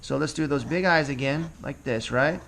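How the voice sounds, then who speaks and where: This man's voice is fairly high and creaky, moving at a moderate pace over slight background noise. He's a drawing teacher giving kids a casual tutorial on cartoon faces, chatting loosely and improvising while he sketches.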